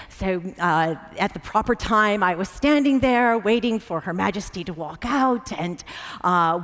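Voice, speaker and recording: An American woman and former diplomat telling animated anecdotes in a talk on stage, with many fillers. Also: mid-range voice. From United States. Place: large event stage. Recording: long reverb of a large hall.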